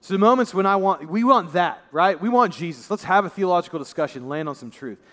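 Male pastor, slightly higher voice, conversational sermon, long hall reverb. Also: lively intonation, fast. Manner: conversational preaching, voice drops low and soft for emphasis.

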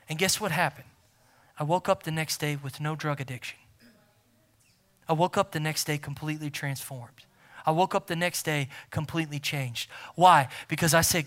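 A man preaching a sermon as pastor, emphatic and repeating key phrases, swinging from loud to near-whisper. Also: fairly high pitch, steady tone, normal speed.

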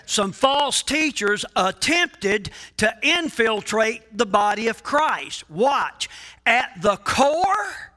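A pastor delivering a sermon in a strikingly high, bright and cutting voice. He preaches slowly and deliberately, swinging his pitch up and down with lively animation. He drives points home with rhetorical questions and dramatic pauses.

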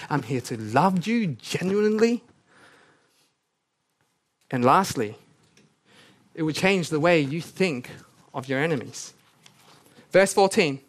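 Man with a raised voice preaching. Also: on the high side. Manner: lively, joking asides between earnest points; reads scripture aloud with rising intensity. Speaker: pastor. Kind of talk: sermon.

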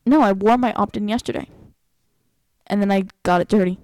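A woman co-hosting a casual chat, telling stories animatedly and jumping up into high, playful voices when she quotes someone. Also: fairly quick, darkish tone, no room sound, clean studio sound. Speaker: co-host.

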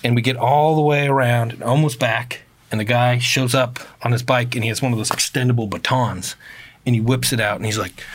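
A man in casual conversation, telling a story at an easy pace. His voice sits in an ordinary middle pitch. He talks loosely and swears freely, and he gets animated when he quotes others. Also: fairly quick.

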